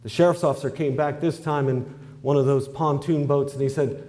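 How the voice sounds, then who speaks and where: A man's voice: on the high side, steady tone, fairly quick, warm tone. A man giving a testimony in homespun, conversational storytelling with an easygoing flow. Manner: homespun, conversational, with fillers and "I says". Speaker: testimony speaker.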